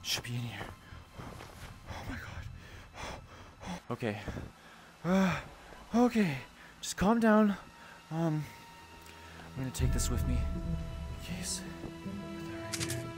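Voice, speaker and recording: A young man playing a virtual reality game, excitable, swearing and yelling when scared. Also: fairly high pitch, slow pace, pauses often, music in the background. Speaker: gamer.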